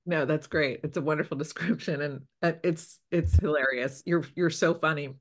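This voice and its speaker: An interview host who coaches daters, speaking with warm praise and giving plain dating advice. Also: mid-range voice, steady tone, moderate pace. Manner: enthusiastic and encouraging, advising plainly. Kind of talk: casual interview talk.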